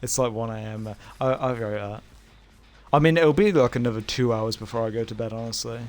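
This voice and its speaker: A man's voice: mid-range voice, fairly quick, soft background music. A young man with a British accent chatting casually while streaming a game, rambling and hesitant with many fillers and short laughs. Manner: laughs between remarks. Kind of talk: casual chat while gaming.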